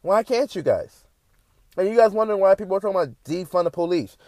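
A man delivers a heated podcast monologue, his voice sitting a little high for a man. He keeps circling back with "you know" and mimics the people he argues against. The sound is dry and close, with no room around it. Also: lively intonation, fast, darkish tone, no room sound. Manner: passionate, repetitive "you know", mocking quoted voices. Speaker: podcast host. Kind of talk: impassioned monologue.

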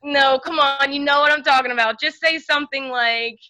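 A woman's voice: high-pitched, fairly even intonation, fairly quick, bright, forceful tone, no room sound. A woman telling stories as a podcast guest, chatty and full of fillers. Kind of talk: casual storytelling. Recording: dry, slightly dull lo-fi sound.

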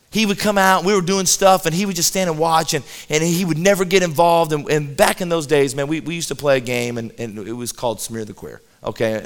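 A man with a notably high voice telling a comic story to a listening crowd. He is animated and tends to double up the first word of a sentence as he gets going. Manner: animated, repeats words when starting sentences.

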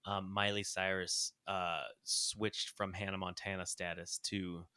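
A man's voice: low-pitched, flat delivery, a little slow, sharp tone, clear, resonant tone, dry recording. A young man co-hosting a podcast, chatting and laughing in a chummy way. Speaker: podcast co-host, band member. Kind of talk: casual chat.

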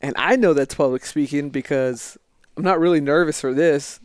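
A man's voice: on the high side, moderate pace, clean tone, dry recording. A man co-hosting a casual podcast, teasing and blunt, swearing casually. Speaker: podcast co-host.

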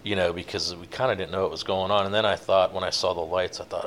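A man telling a long fishing-boat story in a relaxed, rambling interview, with many fillers. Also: low voice, fast talker, hardly any pauses, a little hiss or hum. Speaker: guest, offshore fishing boat captain.

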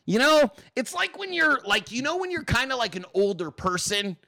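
A man's voice: very high-pitched, sing-song, normal speed, pushed and bright, no echo, low-quality recording. A man hosting a political commentary show, ranting casually with sarcastic, profane mockery and frequent laughter. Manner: laughs often between remarks. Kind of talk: casual rant.

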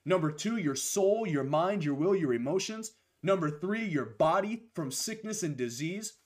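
A young man preaching a live-streamed sermon, a little hoarse from losing his voice, slowing down to stress key phrases and greeting viewers by name. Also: high voice, expressive, a little mellow.

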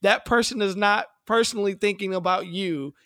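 A fairly high-voiced man spins a story on a sports podcast and keeps it jokey. He laughs often as he talks. The recording is close and dry. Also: normal speed, sharp tone, clear, resonant tone, no room sound. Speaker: podcast co-host. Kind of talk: casual sports talk.

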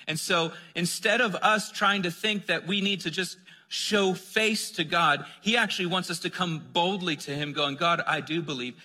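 A man preaching a sermon, conversational and joking, dropping to a soft voice when he reads scripture. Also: sits high, normal speed, few pauses. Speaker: pastor. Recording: long hall reverb.

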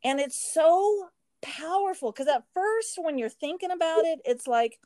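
High, lively woman chatting animatedly. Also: a little slow, no echo, studio quality. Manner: animated, laughing, many fillers. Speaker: podcast co-host. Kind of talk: casual chat.

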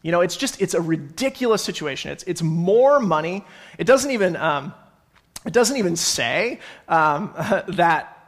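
A man's voice: sits high, big pitch swings, a little slow. A young adult man giving a conversational sermon as pastor, reading scripture and stopping to explain it. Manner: conversational, self-correcting, reads scripture aloud.

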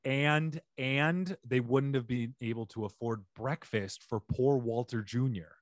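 A podcast co-host in casual comedic chat, animated and quick to laugh. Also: medium pitch, no room sound. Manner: animated, laughs often, slips into goofy impressions.

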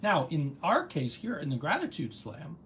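A man's voice: fairly high pitch, huge pitch swings, moderate pace, fairly bright tone, slight background noise. Chatty man leading a gratitude session. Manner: chatty and encouraging, reads chat comments aloud, rambles into side stories. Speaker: host and coach leading a live online session. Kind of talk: casual guided gratitude practice on a livestream.

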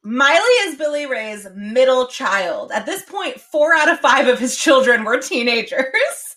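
Lively, bright-voiced young woman. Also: high-pitched, a little slow. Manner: animated, amused, laughs through points. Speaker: podcast co-host. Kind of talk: casual chat recapping a TV episode.

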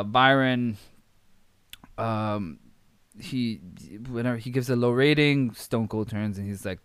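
A man's voice: medium pitch, a bit bright, smooth, dry recording. A young man hosting a podcast, recapping wrestling in a rambling, amused way with many fillers. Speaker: podcast host.

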